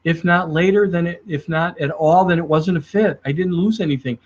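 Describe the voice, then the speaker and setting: A middle-aged man who trains salespeople tells stories and acts out the clients he meets. His voice sits a little high and sounds a touch husky. The recording is dull and lo-fi. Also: fairly quick. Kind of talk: speaking to the camera about selling.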